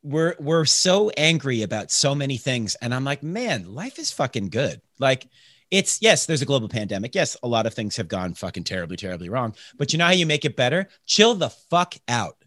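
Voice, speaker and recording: Casting: male podcast co-host, lively swinging pitch, bright forceful tone, dry close sound, swears freely. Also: brisk, no room sound. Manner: profane, animated, ranting. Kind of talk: casual chat.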